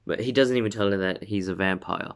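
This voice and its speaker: A man's voice: lowish voice, fast talker, vocal fry, smooth. A young man casually telling a made-up story from his room at home, rambling with lots of fillers and self-corrections. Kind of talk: casual spoken fan story.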